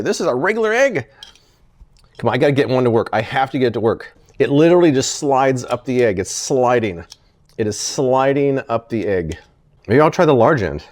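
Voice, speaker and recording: A man hosting a casual product-testing vlog, talking animatedly and often sounding exasperated, chuckling when a gadget fails. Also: mid-range voice. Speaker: product reviewer, channel host.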